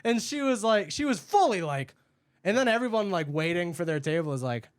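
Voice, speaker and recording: A man from Massachusetts co-hosting a podcast, telling a story in casual chat, animated and full of swearing. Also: high-pitched, a little fast, no echo, clean studio sound. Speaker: podcast co-host.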